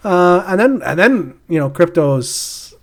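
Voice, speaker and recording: A man's voice: high voice, very animated, slow. Rambling man co-hosting a crypto podcast. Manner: rambling, laughs often, many fillers and restarts. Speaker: podcast co-host. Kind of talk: casual crypto market chat.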